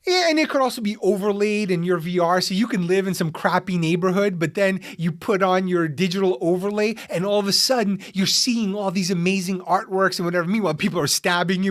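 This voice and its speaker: A man's voice: sits high, brisk, hardly any pauses, a bit bright, dry recording, clean studio sound. A man hosting a comedic solo podcast, rambling and sarcastic, with many fillers and restarts and chuckles at his own jokes. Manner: drifts into tangents and laughs at his own jokes. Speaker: podcast host.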